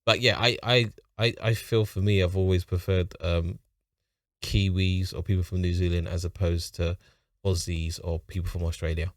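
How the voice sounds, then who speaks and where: A man's voice: deep voice, level tone, normal speed, no room sound, clean studio sound. A man with a London accent hosting a reaction video, talking in a rambling, offhand way and chuckling at his own remarks. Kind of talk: casual reaction commentary.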